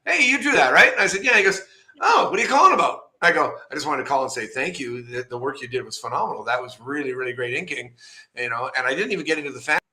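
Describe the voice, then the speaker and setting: A middle-aged man with a very bright, forward voice spins anecdotes in a relaxed interview. He gets animated, slips into the voices of the people he quotes and laughs often between lines. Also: medium pitch, fast. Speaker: comic book artist guest. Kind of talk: casual interview storytelling.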